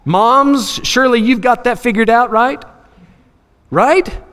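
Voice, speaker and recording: A man preaching a sermon, animated, acting out Bible scenes in different voices and laughing often. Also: very high-pitched, takes it slowly. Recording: long hall reverb.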